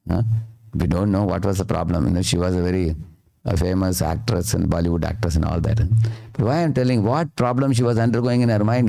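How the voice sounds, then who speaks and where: A man's voice: lowish voice, mellow. A man with an Indian accent giving a sermon-style talk, often adding "huh?" to check the listeners follow. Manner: frequent tag questions like "huh?".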